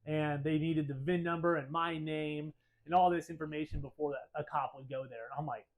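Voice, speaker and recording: A man casually telling a story to the camera, animated and swearing, acting out both sides of phone calls. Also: a little high, fairly quick, poor audio. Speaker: shop owner telling a story.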